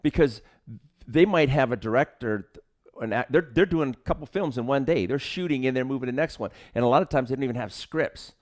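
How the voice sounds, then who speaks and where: A man's voice: mid-range voice, fairly quick, a little mellow. A man co-hosting a martial arts podcast, telling film-set anecdotes in casual chat and acting out the quotes with laughter.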